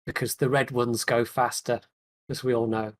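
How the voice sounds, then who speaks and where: A man hosting a gaming podcast in casual chat, chatty and quick to laugh, often trailing off mid-sentence. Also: medium pitch, little pitch movement. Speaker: podcast host.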